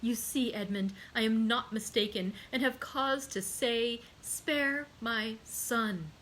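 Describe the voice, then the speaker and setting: A woman's voice: on the high side, slow, fairly bright tone, a little hiss or hum, low-quality recording. A woman reading aloud and voicing a despairing noblewoman and mother who pleads passionately for her son. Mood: pleading. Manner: pleading, raised and impassioned.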